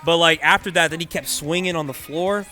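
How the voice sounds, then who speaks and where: A young man from the Bay Area commentates a game tournament in a loose, slangy, animated style. His voice is bright and sits slightly high for a man. Soft music plays faintly behind him. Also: brisk. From California Bay Area. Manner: animated, slangy, laughing storyteller. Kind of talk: casual storytelling commentary.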